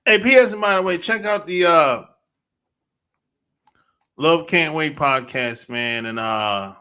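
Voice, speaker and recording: A man's voice: a little high, slow, pauses often, bright, forceful tone, clear, resonant tone. A man hosting a podcast livestream, talking in a laid-back, slangy way and laughing often. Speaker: podcast host. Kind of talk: casual livestream chat.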